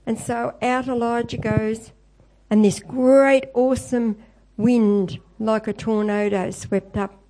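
A woman's voice: fairly high pitch, steady tone, slow, dark tone, rough recording. A woman preaching a sermon, retelling scripture stories and quoting them with a lifted voice.

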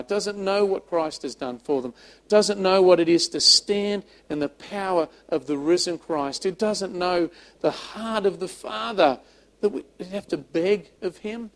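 A man preaching a sermon. His delivery is emphatic, he repeats words, and he swings between loud and soft. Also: high voice, low-quality recording. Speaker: pastor.

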